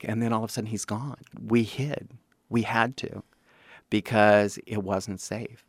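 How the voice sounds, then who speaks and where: Gravelly low-voiced man, emphatic. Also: steady tone, moderate pace, no echo. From Kansas City, USA. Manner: emphatic, acts out quoted voices. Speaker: actor interviewee. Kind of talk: candid interview.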